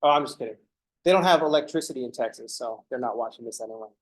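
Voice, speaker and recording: A man's voice: mid-range voice, fast talker. A man teaching a math class, explaining step by step and breaking off into joking asides. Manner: joking asides, self-interrupting. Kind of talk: classroom lecture.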